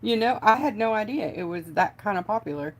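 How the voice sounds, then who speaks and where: A chatty, giggly woman hosts a casual craft livestream from home, talking to her viewers while she works. Her medium-pitched voice is animated and a little fast.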